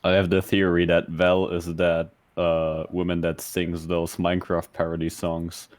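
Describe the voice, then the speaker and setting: A man with a very deep, monotone voice speaks in a flat, matter-of-fact way. The sound is close and dry, with no room around it. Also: measured pace, no echo. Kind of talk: casual chat on a gaming stream.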